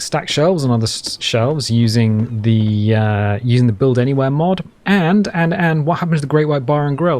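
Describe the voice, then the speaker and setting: A man's voice: mid-range voice, a little mellow. A man hosting a survival game let's play, chatting casually and rambling with hummed asides as he plays. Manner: chatty, rambling, hums and asides while playing. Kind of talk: casual gameplay commentary.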